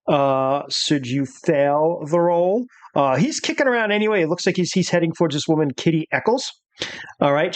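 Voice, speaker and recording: A man running a tabletop horror game as game master, explaining rules with many pauses and fillers. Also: medium pitch.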